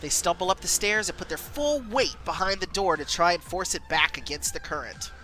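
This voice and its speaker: A woman streamer reading a story game aloud, animated and quick. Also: on the low side, faint music behind, low-quality recording.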